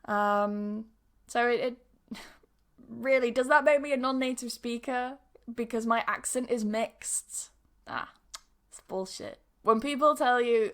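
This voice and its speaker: A woman's voice: a little high, measured pace, a bit bright. A woman in her thirties from Yorkshire with a mixed Yorkshire accent, chatting frankly on her podcast as an English teacher and laughing often. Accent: Yorkshire English, mixed with some Bristol. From Yorkshire, England. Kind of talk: casual podcast monologue.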